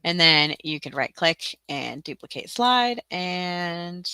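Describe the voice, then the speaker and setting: Woman, livestream host, chatty, giggly, rambling, lowish pitch, bright tone. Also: lively intonation, takes it slowly, clean tone, no echo. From Tennessee, USA. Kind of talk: casual livestream tutorial.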